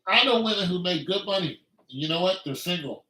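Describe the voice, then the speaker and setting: A man's voice: sits high, expressive, brisk, bright, forceful tone, echoey room, rough recording. A man delivering an opinionated monologue in an emphatic, repetitive rant. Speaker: commentator.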